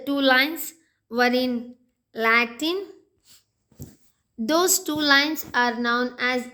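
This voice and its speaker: A woman with an Indian English accent, teaching an English poetry lesson slowly and deliberately, pausing often with "uh". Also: high voice, bright, forceful tone. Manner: slow, deliberate, with frequent "uh" pauses. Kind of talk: recorded lecture.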